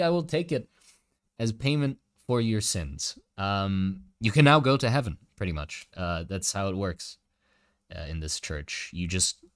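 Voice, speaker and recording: A man's voice: sits low, dry recording, studio quality. A man in his twenties, originally from Germany, speaking with an American accent, chatting and joking casually with his stream chat as a streamer. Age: 20s. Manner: joking, teasing banter with chat.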